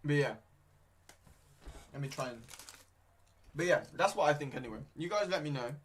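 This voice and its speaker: Higher-voiced man rambling about football. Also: animated, normal speed, fairly bright tone, a little hiss or hum. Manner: rambling, hesitant, many fillers; talking with his mouth full at times. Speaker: football watchalong streamer. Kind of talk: casual live match commentary.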